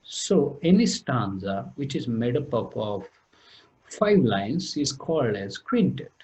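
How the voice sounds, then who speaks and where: Male lecturer, slow and sing-song delivery, repeats terms, reads verse lines slowly. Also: medium pitch, sing-song, darkish tone. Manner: explains step by step, repeats terms, clears throat. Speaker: teacher. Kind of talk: recorded poetry lecture.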